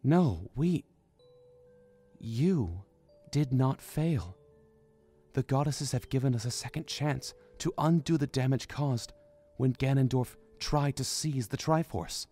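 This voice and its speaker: A gentle young princess speaks in a raised, soft voice, put on by a man reading an audiobook. Her words come tender and earnest, carrying quiet sorrow. Faint music plays beneath. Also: mid-range voice, normal speed, voice pushed up, close to an everyday voice. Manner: soft, gentle and firm by turns. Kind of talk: audiobook character voice.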